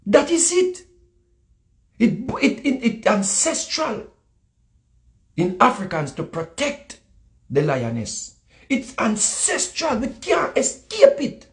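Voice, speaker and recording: A man's voice: very high voice, takes it slowly, long pauses. A man with a Jamaican accent telling stories in casual chat. He repeats himself and acts out the people he quotes. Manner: animated, repetitive, acts out quotes. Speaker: guest speaker.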